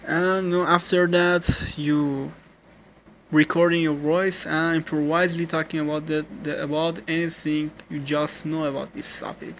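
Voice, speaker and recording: A man giving casual spoken feedback on someone's speaking skills. He talks haltingly, in non-native English phrasing, and often restarts and corrects himself with "no.". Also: on the high side, level tone, slight background noise, rough recording.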